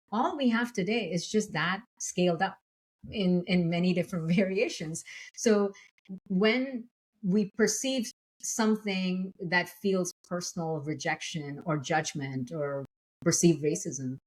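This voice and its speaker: Woman guest with a lowish voice, measured and reflective. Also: breathy edge, rough recording. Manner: measured, thoughtful, laughs lightly. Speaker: podcast guest. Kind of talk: reflective conversation.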